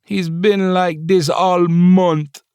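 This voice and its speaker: A bossy Jamaican woman chef with a lilting, calming yet grumpy way of talking, as a male audiobook narrator puts her on. Her voice sits high and a little distant, slowed and drawn out in a dry recording. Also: clean tone, no echo.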